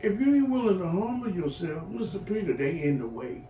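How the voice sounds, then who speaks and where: A middle-aged man giving heartfelt personal testimony as a client in a recovery program, earthy and animated, acting out voices as he tells his story. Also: sits high, fairly quick, dull audio. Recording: echoey room, voice from far off, faint noise.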